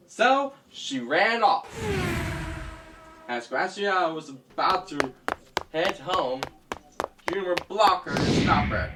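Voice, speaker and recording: Slow dramatic home storyteller. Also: mid-range voice, animated. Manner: slow, dramatic, gasping narration. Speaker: storyteller with toys. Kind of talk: storytelling narration. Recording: noisy home recording with clicks.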